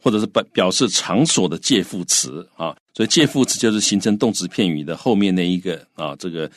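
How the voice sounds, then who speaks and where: A man's voice: low-pitched, lively intonation, fairly quick, no room sound, clean studio sound. A man co-hosting a bilingual English lesson, explaining grammar patiently with frequent fillers.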